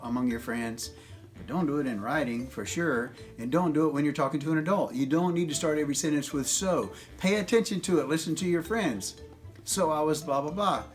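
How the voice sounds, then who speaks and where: A man in his fifties hosting an advice video, lecturing young people in a teasing, jokey way. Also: on the high side. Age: 50s. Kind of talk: casual advice monologue.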